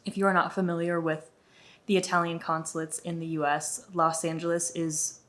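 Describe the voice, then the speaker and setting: Young woman from the us, kinda low voice, ranting casually in a storytime vlog. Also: flat delivery, moderate pace, fairly bright tone. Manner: chatty, exasperated, peppered with "like". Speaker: vlogger.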